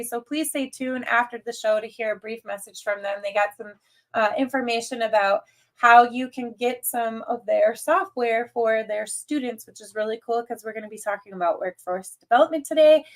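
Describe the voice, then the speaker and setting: A woman's voice: a little high, fairly even intonation, normal speed. Nasal-sounding Midwestern woman host. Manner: upbeat, chatty. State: nasal from a cold. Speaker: podcast host. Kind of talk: casual interview chat.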